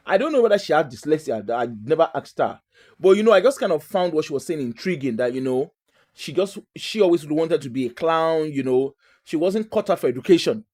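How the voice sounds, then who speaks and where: A woman's voice: low voice, dark tone, slightly rough. A woman from Nigeria with a Nigerian accent, talking in a chatty, emphatic and digressive way as the host of a casual monologue.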